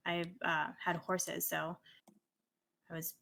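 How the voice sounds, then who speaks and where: A woman's voice: lowish voice, flat delivery, slow pace, vocal fry, pushed and bright. A woman from England, a guest on a podcast, chatting casually with some swearing.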